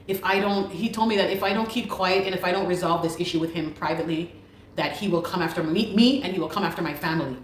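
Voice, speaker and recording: A woman giving an earnest, urgent personal account and often repeating her pleas. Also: on the low side. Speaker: guest telling her story. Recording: roomy recording with faint background noise.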